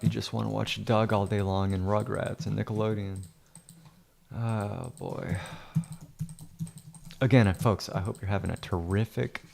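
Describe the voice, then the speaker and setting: A man's voice: fairly low pitch, creaky, a little mellow. A man hosting a photo-editing livestream, talking in a rambling, mock-grandiose and sarcastic way, with keyboard clicks behind him. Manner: mock-grandiose, sarcastic, insulting viewers in jest.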